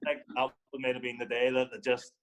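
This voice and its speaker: A Northern Irish man at a middling pitch, spinning casual stories as a podcast guest. He tells his anecdotes with animation and slips into the voices of the people he quotes. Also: completely flat delivery, fairly quick, poor audio. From Northern Ireland. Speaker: podcast guest, former footballer. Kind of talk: casual storytelling.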